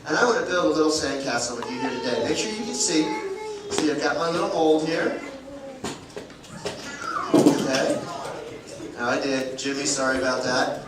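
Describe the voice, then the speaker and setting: A male pastor giving a playful children's sermon, asking the kids questions as he shows them props. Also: medium pitch. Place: church sanctuary. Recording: very echoey church hall from a distance with room noise.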